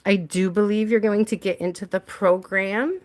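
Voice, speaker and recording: A tarot reader, an American woman, chats with her livestream audience in a steady, mid-range voice at a moderate pace. She laughs a lot and calls out viewers by name in a relaxed, talkative way.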